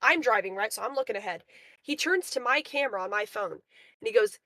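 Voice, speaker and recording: A woman recounts events on a stream with lively, animated energy and lots of fillers. Her voice sits high and bright, and the sound is close and dry. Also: brisk, no room sound. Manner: animated, filler-heavy retelling. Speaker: guest on a livestream. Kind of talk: casual storytelling.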